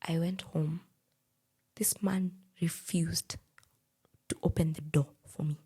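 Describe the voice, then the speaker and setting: A woman's voice: low-pitched, slow pace, slightly rough. A young woman with a Kenyan accent, animatedly telling her own story and quoting the people in it. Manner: animated, quotes others in dialogue. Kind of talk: personal storytelling.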